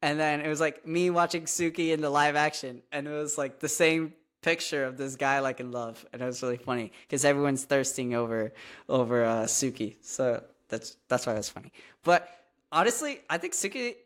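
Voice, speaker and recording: A podcast co-host in casual chat, talking in an animated way with plenty of "like". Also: medium pitch, moderate pace. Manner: chatty and animated, many fillers of "like".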